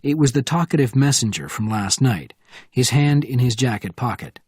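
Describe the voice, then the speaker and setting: A man's voice: mid-range voice, lively intonation, normal speed, a little mellow, husky, no echo, studio quality. Man narrating a thriller audiobook. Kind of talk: scripted narration.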